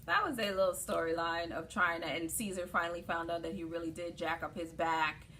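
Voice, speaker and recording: A woman co-hosting a casual chat, telling stories in an animated, opinionated way. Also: on the low side, brisk, a little hiss or hum. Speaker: podcast co-host.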